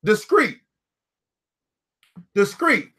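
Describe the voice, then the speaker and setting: A man with a high, pushed, bright voice, a breathy edge, big pitch swings and drawn-out words hosts a book club. He reads aloud to a live audience and riffs on the text, emphatic and playful, repeating key phrases.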